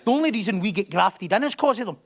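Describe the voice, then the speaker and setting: A man preaching a sermon as pastor, animated, acting out crowd voices and swinging from loud declarations to hushed asides. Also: high-pitched, quick pace. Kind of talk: expository sermon.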